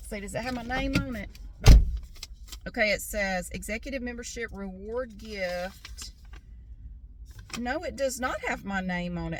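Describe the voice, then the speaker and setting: A middle-aged woman with a slightly high voice, rambling through a shopping story in casual vlog chatter. She rants with exasperation and throws in plenty of swearing. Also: slight background noise. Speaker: vlogger.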